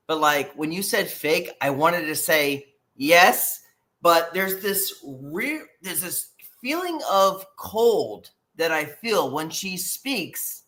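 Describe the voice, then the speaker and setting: A man co-hosting a casual talk show, animated and peppering his talk with dude and like. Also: on the high side. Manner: animated, says dude and like a lot. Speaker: podcast co-host. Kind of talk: casual chat.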